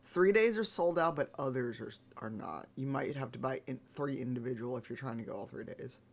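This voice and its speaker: A man streaming live, chatting casually with viewers in a rambling, laid-back way, his voice gravelly this morning. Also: medium pitch, brisk. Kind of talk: casual chat.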